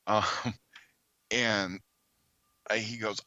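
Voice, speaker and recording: A man, a podcast guest, earnestly telling a story in conversation, halting with many ums and restarts. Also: on the low side, lively intonation, pushed and bright, no echo, muffled recording.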